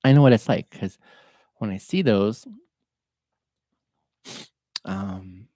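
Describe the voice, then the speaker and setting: A man hosting a podcast livestream, talking gently and earnestly, open about his emotions, reflective and encouraging toward his viewers. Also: mid-range voice, big pitch swings, a little slow, long pauses, no room sound. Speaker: podcast host.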